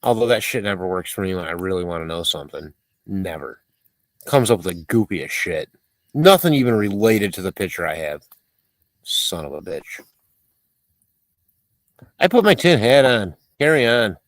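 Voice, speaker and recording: A man's voice: deep voice, expressive, normal speed, dry recording. A man hosting a casual livestream, chatting in a rambling, playful, mock-fussy way as he reads viewer comments. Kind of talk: casual live-stream chat. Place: home, outdoors at night.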